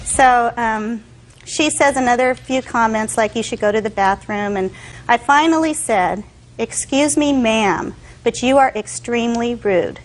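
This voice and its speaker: Animated woman telling her side. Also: on the high side, a little slow, soft background music, poor audio. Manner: animated storytelling, acting out the voices of others. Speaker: defendant. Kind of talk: courtroom testimony.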